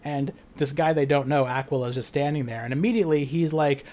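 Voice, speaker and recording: Guy running a tabletop game recapping it all loose and rambly, swears a lot, kinda high voice. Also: fast talker, hardly any pauses, a little mellow. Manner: rambling, full of "like" fillers, profane, laughs a lot. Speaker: game master. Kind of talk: casual retelling of a tabletop game.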